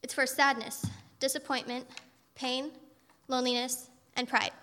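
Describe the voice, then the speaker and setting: A woman's voice: high voice, little pitch movement, unhurried, bright, forceful tone, big-room sound. A woman voicing God as a patient, tireless male creator in a story she reads aloud, told in an earnest, fond way.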